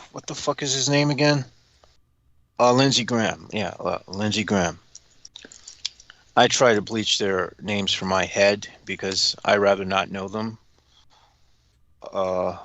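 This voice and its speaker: A man's voice: lowish voice, a bit bright, no room sound. Sarcastic man reading news. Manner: profane, sarcastic asides; hesitant, many fillers. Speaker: talk show cohost.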